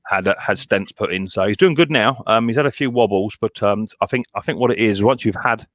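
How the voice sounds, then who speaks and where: Guy hosting a stream, lowish voice, keeps stopping and restarting, dry sound. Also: a bit bright, no room sound. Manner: rambling, halting with many restarts and fillers. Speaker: live stream host. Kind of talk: casual chat.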